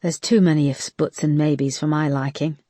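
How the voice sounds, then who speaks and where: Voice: medium pitch, fairly even intonation, moderate pace, dark tone, dry recording, close to an everyday voice. A no-nonsense woman in charge of a murder squad, curt and firm in her briefings, as an audiobook narrator plays her. The recording is dry and close. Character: female detective chief, brisk, no-nonsense.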